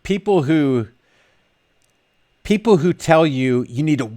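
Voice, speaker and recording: A man's voice: fairly high pitch, unhurried, long pauses, darkish tone. A man vlogging casually, reading viewer comments aloud and rambling with frequent restarts and repeated words. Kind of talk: casual live chat.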